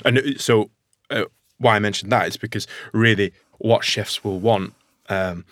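A man with a Northern English accent talks eagerly about his work on a podcast, often stopping to restart a thought. His voice sits low, and the sound is close and dry, with no room echo. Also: fairly even intonation, normal speed, a bit bright. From Northern England. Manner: enthusiastic, many restarts and fillers. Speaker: nut producer and guest. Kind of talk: casual podcast conversation.

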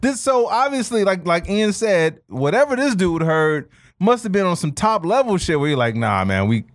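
Male podcast co-host, lively swooping voice, dry sound, preachy and profane. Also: high voice, normal speed, dry recording. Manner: animated, preachy, swears, repeats points. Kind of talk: casual political chat.

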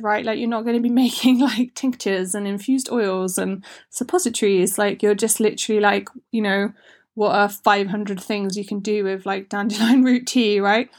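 Woman chatting through a workshop talk, bit high voice, pretty even tone. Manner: chatty, frank, loose run-on phrasing. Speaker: workshop speaker.

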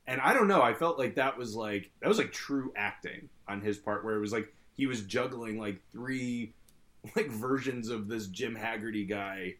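A man's voice: mid-range voice, normal speed, fairly bright tone. A man in casual podcast chat, talking enthusiastically about a show in a rambling way full of "like" fillers, with chuckles.

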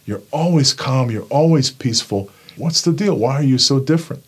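A man's voice: mid-range voice, expressive, moderate pace, breathy edge. A man from Brooklyn, giving a personal testimony and acting out the voices in it. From Brooklyn, New York. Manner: storytelling, acts out quoted voices.

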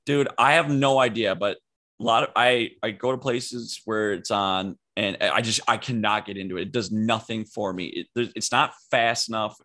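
Blunt young man with a low voice. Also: fairly even intonation, moderate pace, bright, forceful tone. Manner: blunt, opinionated, rambling. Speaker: podcast co-host. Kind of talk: casual chat.

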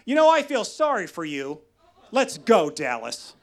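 A man's voice: very high-pitched, very animated, moderate pace, bright, forceful tone, pitched above the performer's own voice, heavily acted. A man voicing a tired, stubborn middle-aged mother who snaps indignantly. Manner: indignant, exasperated.

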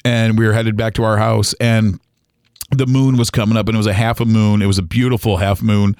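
Halting, gravelly-voiced man telling a loss. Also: on the low side, flat delivery, a little mellow, no echo, clean studio sound. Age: middle-aged. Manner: halting, emotional retelling with many restarts. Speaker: podcast host. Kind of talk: personal storytelling.

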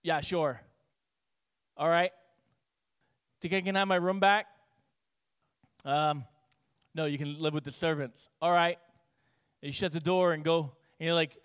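A man's voice: a little high, a little slow, long pauses, clear, resonant tone. A man preaching a sermon as pastor, telling stories with acted-out dialogue. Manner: animated storytelling with acted-out dialogue.

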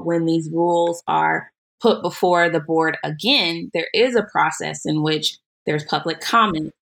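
A woman guest on a podcast answering questions in a measured, emphatic way, repeating words for stress. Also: sits low, a bit bright. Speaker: podcast guest, education leader. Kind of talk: earnest interview answers.

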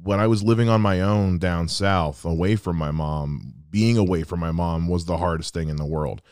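A podcaster in his thirties delivers a heartfelt solo monologue about someone close to him, earnest and reflective with quoted asides. His low voice is darkish, clear, and resonant, moving at a normal speed with no echo.

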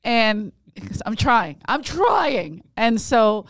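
A woman co-hosting a casual comedic podcast, telling stories with lots of laughter and squeaky quoted voices. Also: drawn-out words, no echo. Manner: animated storyteller, squeals quoted lines high, laughs often. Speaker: podcast co-host.

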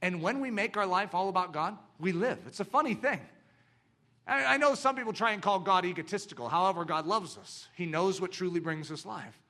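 A man's voice: high-pitched, brisk. A man preaching a sermon, asking the congregation rhetorical questions and acting out the voices in the story. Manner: animated, acts out quoted voices, rhetorical questions.

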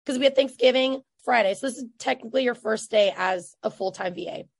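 A chatty woman in her thirties, a podcast host and business coach, talks in quick, effusive bursts full of fillers. Her slightly high voice is gravelly, recorded close and dry with no echo or room sound.

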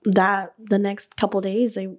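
A woman hosting a podcast, telling her own story in a casual, animated way. She fills her talk with "like", laughs often and swears freely. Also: medium pitch, unhurried. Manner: chatty and animated, many "like" fillers, laughs. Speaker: podcast host and beauty business owner.

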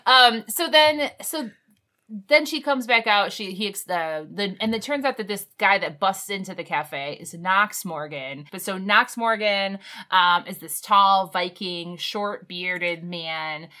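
A woman's voice: medium pitch, slow, sharp tone. A woman co-hosting a podcast, recapping a book in loose casual chat, rambling and correcting herself as she goes. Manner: rambling, self-correcting, chatty. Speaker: podcast co-host.

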